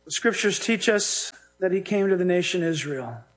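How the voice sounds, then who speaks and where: High-voiced lively preacher man. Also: moderate pace. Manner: lively, humorous, acts out dialogue. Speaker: pastor. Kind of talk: sermon.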